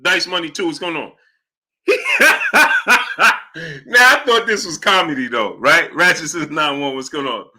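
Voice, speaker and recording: A man hosting a casual boxing livestream, giving shout-outs and laughing often as he talks. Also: on the high side, animated, fairly quick, few pauses. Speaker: livestream host.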